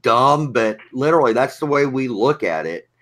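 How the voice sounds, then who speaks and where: A man's voice: medium pitch, animated, moderate pace, fairly bright tone, poor audio. An easygoing man chatting casually as a reseller panelist on a live video call, laughing often. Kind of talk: casual live-stream chat.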